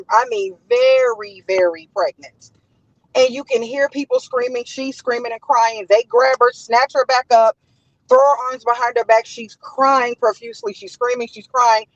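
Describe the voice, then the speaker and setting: A woman with a high voice and a Los flavor hosts casual commentary, speaking with emphatic indignation and driving points home through repetition. The audio sounds dull and lo-fi, with no room sound.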